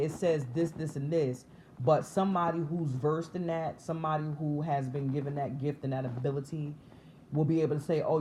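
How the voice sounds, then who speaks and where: Slight background noise sits under a woman's low, darkish voice. In her thirties, she shares her spiritual testimony as personal storytelling to camera, earnest and emotional, restarting and repeating herself often.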